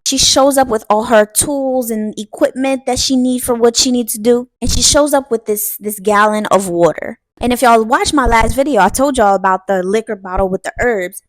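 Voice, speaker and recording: A woman telling a scary story in a casual, chatty way, speaking straight to her viewers and acting out the quoted lines. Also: dry recording. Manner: chatty, addresses viewers directly; acts out quoted lines with pitch jumps.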